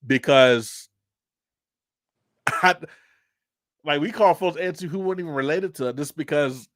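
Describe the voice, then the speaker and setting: A man's voice: a little high, unhurried, a bit bright, dry recording, studio quality. A man hosting an unscripted livestream chat, rambling loosely and laughing often. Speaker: host.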